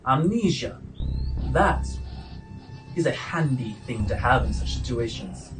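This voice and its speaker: A man's voice: mid-range voice, lively intonation, unhurried, distant mic, music in the background, natural voice, rough recording. A man voicing a stern dwarf warden woman. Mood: menacing. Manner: suspicious, coolly menacing, falsely sweet. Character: stern female dwarf prison warden with a limp.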